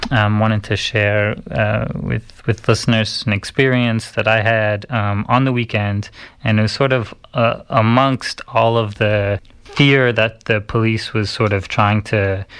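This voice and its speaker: Low-voiced man telling a story. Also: fairly bright tone, clear, resonant tone, no echo. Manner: halting, many fillers and restarts. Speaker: radio host. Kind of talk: casual radio talk, personal story.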